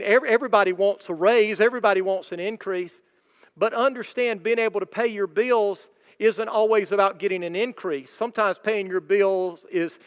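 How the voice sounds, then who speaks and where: A man's voice: sits high, clean tone. A man preaching as a pastor, emphatic and repetitive, building in intensity. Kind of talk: sermon. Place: church sanctuary. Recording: long church hall reverb.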